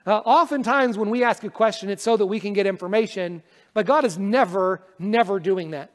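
A man's voice: sits high, fairly quick. A male pastor praying and then preaching a sermon in an earnest, conversational way, with self-deprecating humor. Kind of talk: sermon with prayer. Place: church sanctuary. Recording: long reverb of a church hall.

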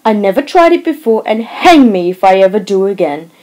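A woman's voice: fairly high pitch, sing-song, measured pace, a little mellow. A woman reading an audiobook, voicing an anxious young husband who speaks in an urgent, reassuring way. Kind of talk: audiobook character voice.

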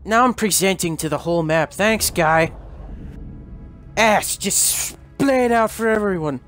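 Over game gunfire, explosions, artillery, vehicles and faint music, a gamer who hosts a channel commentates his own shooter play. His high, slightly bright voice is unhurried, and he jokes crudely and mocks himself.

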